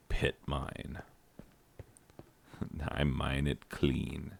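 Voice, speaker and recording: A very low, gravelly American man talks slowly through a meandering gaming commentary. He wanders from aside to aside with plenty of fillers. Steady background noise and clicks sit under the voice. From United States. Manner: rambling, joking asides, frequent fillers. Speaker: gaming channel host. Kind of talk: rambling commentary while playing a video game.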